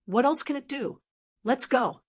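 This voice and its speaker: A woman's voice: high-pitched, lively intonation, measured pace, slightly rough, pitched above the performer's own voice, full character voice. A woman reading a wry, teasing young hero. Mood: amused. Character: wry, amused young male martial hero. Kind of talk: audiobook character reading.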